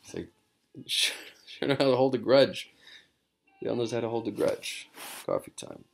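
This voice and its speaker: A man's voice: mid-range voice, normal speed, vocal fry, faint music behind. A man, a comedian, chatting casually and rambling from his living room, drifting between digressions with self-mocking humor. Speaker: comedian vlogger.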